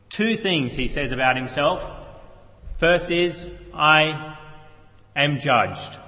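A man's voice: fairly high pitch, slow pace, pauses often, pushed and bright, long reverb tail. A man preaching a sermon as pastor, earnestly explaining a text with rhetorical questions, in a church.

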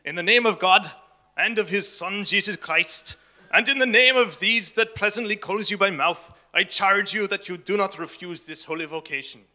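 A man voicing a stern male preacher with a put-on Scottish accent, proclaiming loudly and solemnly. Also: high-pitched, moderate pace, pitched above the performer's own voice. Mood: solemn, commanding.

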